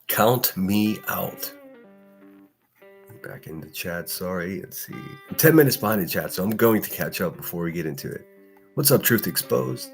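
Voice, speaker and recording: A man hosting a casual morning livestream, ranting bluntly with lots of swearing, breaking into laughs and reading chat. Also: deep voice. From Pittsburgh area. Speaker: livestream host.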